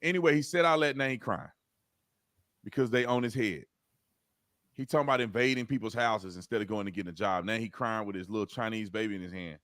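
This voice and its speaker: A man giving casual commentary in a mocking, animated way, often stammering on his words. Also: on the low side, fast, no room sound, studio quality. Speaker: commentator in played clip.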